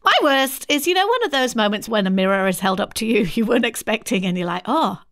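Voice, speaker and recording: An Australian woman co-hosting a podcast, telling stories in an animated casual chat and laughing often. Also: fairly high pitch, fast. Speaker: podcast co-host.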